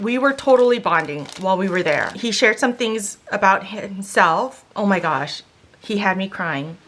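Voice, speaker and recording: A middle-aged woman talking through a stationery haul in a casual, chatty way that turns emotional and excitable. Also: medium pitch. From Korean. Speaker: stationery vlogger. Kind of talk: casual show-and-tell haul.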